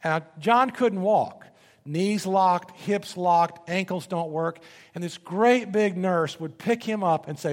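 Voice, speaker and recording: A man preaching a sermon, telling a story with animated, emphatic repetition. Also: high-pitched, takes it slowly, in a large hall. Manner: animated, emphatic, repeats words.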